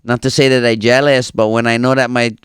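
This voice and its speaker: A man's voice: medium pitch, level tone, fairly quick, fairly bright tone, clean tone, no echo, clean studio sound. A man with a Hawaiian Pidgin accent hosting a podcast on a farm, talking in an easygoing, reflective way. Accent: Hawaiian Pidgin English. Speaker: podcast host. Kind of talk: casual chat.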